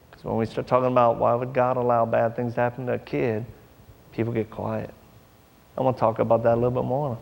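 Preacher guy with a gravelly voice, folksy sermon story, big echoey hall. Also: mid-range voice. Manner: animated, acts out voices in his stories; folksy, drawling informal speech.

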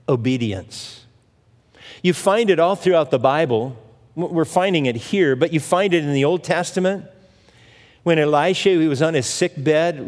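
A pastor preaching a sermon, retelling scripture stories and acting out the voices of the figures in them. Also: male voice, on the high side, big-room sound. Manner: storytelling preacher who acts out the scripture voices.

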